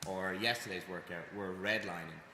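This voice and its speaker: An Irish man with a very low voice co-hosts a casual podcast and rambles animatedly about coaching. The room is echoey with a long reverb tail. Clear background noise sits under his talk. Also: moderate pace. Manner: rambling, animated, repeats phrases. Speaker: gym coach and podcast co-host.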